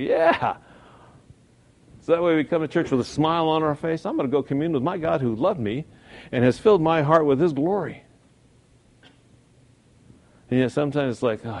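A man teaching a church Bible class in a conversational sermon, emphatic, asking rhetorical questions and swinging between loud stresses and quiet asides. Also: medium pitch.

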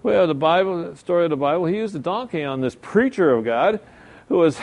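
A man's voice: fairly high pitch, expressive, a little fast, darkish tone. A middle-aged male pastor preaching a sermon in a conversational way, often checking in with the congregation.

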